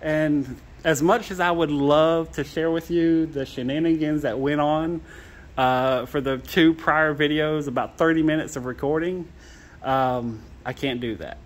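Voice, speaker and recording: A man's voice: a little high, fairly even intonation, unhurried. A man vlogging outdoors by a trailer, laughing to tears and apologizing as he rambles about used gear he plans to sell. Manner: giggly, apologetic, keeps laughing. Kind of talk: casual rambling vlog.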